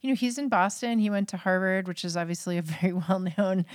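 A woman's voice: medium pitch, a little fast, no echo, clean studio sound. A woman physician talking as a guest on a podcast, in a casual way with plenty of "like" and "you know". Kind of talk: conversational interview.

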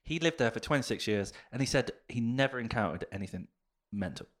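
A man's voice: mid-range voice, animated, quick pace. Sweary joking man reading news. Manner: sweary, jokey, laughs often. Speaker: podcast co-host. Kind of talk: casual chat reading a news story aloud.

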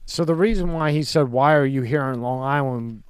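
A man's voice: mid-range voice, brisk, clean tone, no echo. A man hosting a casual chat, prompting the guest with short interjections.

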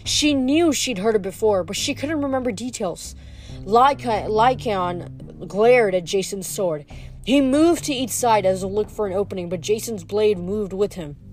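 A woman reading a novel aloud, steady, with small stumbles over words now and then. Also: mid-range voice, unhurried. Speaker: reader.

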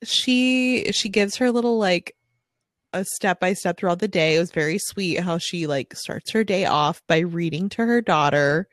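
A woman in her thirties chatting casually about an audiobook, laughing often and getting animated when she quotes her kids. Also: fairly low pitch, normal speed, no room sound. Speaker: podcast co-host. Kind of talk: casual book chat.

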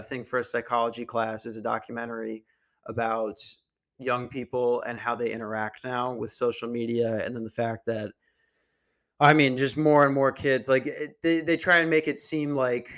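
A man's voice: mid-range voice, a bit bright. A young man hosting a podcast, ranting casually in a crude, meandering and sarcastic way. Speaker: podcast host. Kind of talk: casual rant.

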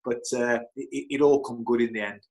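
A middle-aged man, a football physio, telling anecdotes in an interview with lively energy, often stammering and repeating words. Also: medium pitch, fairly quick, low-quality recording. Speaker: football club physio, guest.

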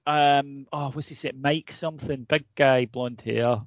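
A man's voice: mid-range voice, steady tone, unhurried, dry recording. Male podcast co-host, rambling and sweary, dry slightly dull recording. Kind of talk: casual chat.

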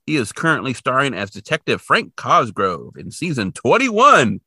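Man, casual podcast chat, rambling, bright tone, dry sound. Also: medium pitch, normal speed, breathy edge, no room sound. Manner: chatty, rambling, animated asides. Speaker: podcast co-host.

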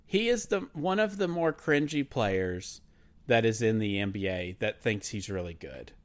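A man co-hosting a casual sports podcast, animated and mocking, laughing as he talks. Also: on the low side, normal speed. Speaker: podcast co-host.

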